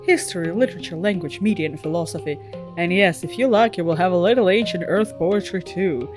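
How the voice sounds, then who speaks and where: A woman's voice: lowish voice, brisk, over music, natural voice. A woman reading a tired male teacher on a space colony in her own voice, in a plain reading tone. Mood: easygoing.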